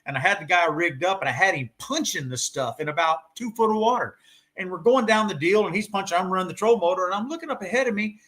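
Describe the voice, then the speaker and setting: A man has a bright, slightly high voice. He tells his fishing stories in an easygoing way during casual talk. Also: fast talker. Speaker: fishing guide. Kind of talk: casual chat.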